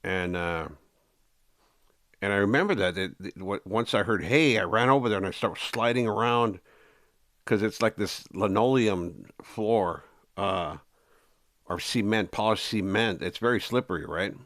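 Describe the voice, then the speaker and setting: A man casually recounting his own story in an interview, rambling with fillers and restarts, animated when telling action. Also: lowish voice, unhurried.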